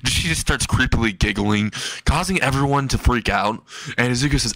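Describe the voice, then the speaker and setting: A man's voice: medium pitch, brisk, a bit bright, no room sound. Man for a loose, rambling comic fan story read, dry and close. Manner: rambling, laughs at his own jokes. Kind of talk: casual comedic storytelling.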